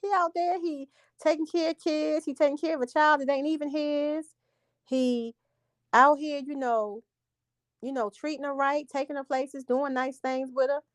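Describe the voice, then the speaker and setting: A woman's voice: high-pitched, fairly even intonation, moderate pace, no echo, studio quality. A woman co-hosting a podcast in casual chat, making her points emphatically. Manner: emphatic, explains with repeated words. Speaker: podcast co-host.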